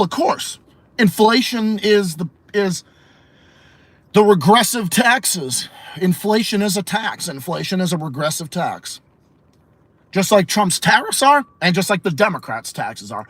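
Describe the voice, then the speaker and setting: A man's voice: high voice, expressive, normal speed, a bit bright, breathy edge, dry recording. Profane ranting man with a Massachusetts accent. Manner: profane, blunt and opinionated. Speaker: podcast host. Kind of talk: ranting livestream podcast, answering chat.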